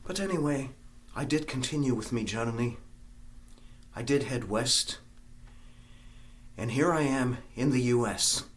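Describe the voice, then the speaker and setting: A man with a Scottish accent telling a comic story to his viewers, theatrical, breaking into sung snatches and swinging from loud to hushed. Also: medium pitch, unhurried, long pauses. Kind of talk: comic monologue.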